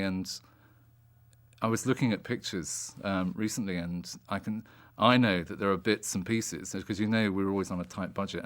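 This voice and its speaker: A man in an interview recalling production details in a rambling way. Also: lowish voice. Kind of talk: reminiscing interview.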